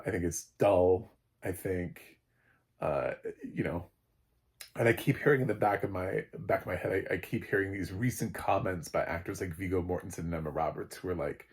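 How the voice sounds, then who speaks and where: Low and darkish in tone, this American man's voice carries a blunt, sarcastic film review. As a critic speaking casually, he rambles, piling on fillers and restarting his sentences.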